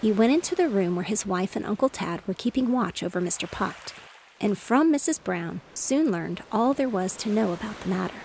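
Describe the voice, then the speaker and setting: A woman's voice: medium pitch, animated, moderate pace, slight background noise. Soothing woman reading a bedtime story. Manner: soft, soothing. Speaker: narrator.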